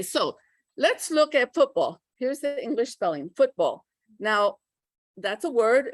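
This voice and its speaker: A middle-aged woman giving a pronunciation workshop, lively and often checking in with her listeners. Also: fairly high pitch, dry recording. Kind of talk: lecture to English teachers.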